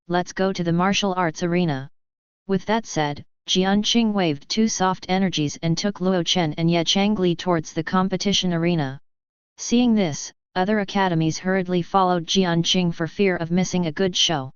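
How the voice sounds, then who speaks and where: Woman narrator, low voice, very smooth and clear, dry dull lo-fi sound. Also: no echo. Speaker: audiobook narrator. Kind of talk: scripted narration.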